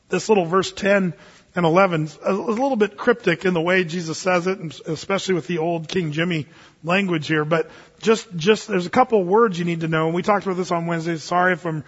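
A man's voice: sits high, fairly bright tone, breathy edge, big-room sound, lo-fi sound. A man preaching a sermon in a conversational, joking way, with sudden emphatic bursts. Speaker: pastor.

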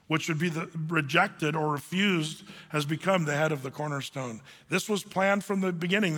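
A man's voice: on the high side, a bit bright. A male pastor teaching through a Bible passage in a folksy, conversational preaching style with colloquial words. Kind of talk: sermon, verse-by-verse Bible teaching. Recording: long reverb of a large hall.

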